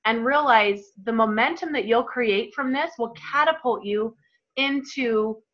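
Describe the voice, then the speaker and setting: A woman's voice: on the high side, measured pace, fairly bright tone. A woman in her thirties leading a team call, giving an emphatic, emotional motivational talk. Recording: dull lo-fi call audio.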